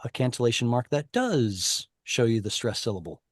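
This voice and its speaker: A man's voice: medium pitch, very animated, moderate pace, dry recording, studio quality. A man teaching an online Hebrew class, explaining informally with many fillers and restarts over a video call.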